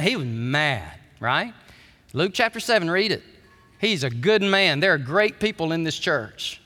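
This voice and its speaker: In a large church sanctuary, a pastor delivers a sermon in a bright, forceful voice that rings out through a long reverb. His pitch is a little high for a man, and he speaks expressively and a bit slowly, swinging from hushed, low asides to high, loud bursts.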